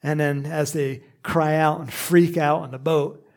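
A man preaching a sermon in an animated, conversational way, with asides and laughs. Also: fairly high pitch, measured pace.

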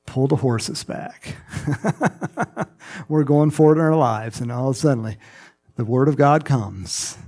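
Guy preaching slow and chatty, husky gravelly voice. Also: medium pitch, darkish tone. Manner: slow, conversational, with laughs and playful mock voices. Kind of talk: sermon.

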